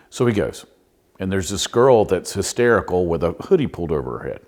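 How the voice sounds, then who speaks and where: A man's voice: sits low, animated, normal speed, darkish tone. A middle-aged man, a pastor and consultant telling folksy stories on a podcast. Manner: folksy, anecdotal storytelling with restarts. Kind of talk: storytelling podcast monologue.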